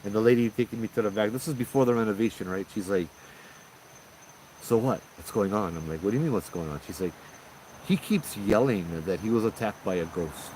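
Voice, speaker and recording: A man's voice: fairly low pitch, darkish tone, slight background noise, poor audio. A man casually telling ghost stories in a rambling, conversational way, quoting the people in them as he goes. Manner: rambling, conversational, quotes others in quick asides. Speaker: storyteller host.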